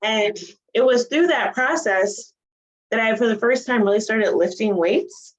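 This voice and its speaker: A woman in her forties telling her story in a casual interview, animated and laughing often. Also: on the high side, measured pace, rough recording. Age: 40s. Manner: animated, laughs often, acts out quoted voices. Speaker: guest, bodybuilding coach.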